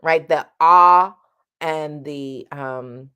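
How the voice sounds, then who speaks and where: Slow, low-voiced woman teaching singing. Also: a bit bright, smooth. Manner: sings vowel demonstrations between explanations. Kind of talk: vocal lesson, demonstrating vowels.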